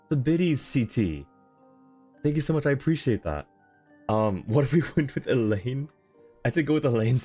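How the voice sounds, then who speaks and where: A man with a lowish voice talks casually on a live stream as he plays. He gushes thanks at viewers and laughs easily. Faint game music runs underneath. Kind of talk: casual live-stream chat while gaming.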